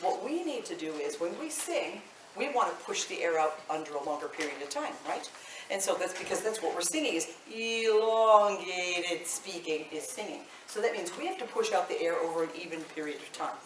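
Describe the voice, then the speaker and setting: A woman's voice: fairly low pitch, expressive, quick pace. A woman voice teacher runs a live singing workshop, talking to the group in a chatty way and checking in with "okay?" after almost every point. She is recorded from across a large, echoey room, with a faint hiss underneath. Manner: chatty, ends phrases with "okay?". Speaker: voice teacher and choir director. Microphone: room mic at a distance. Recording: roomy, distant, faint hiss.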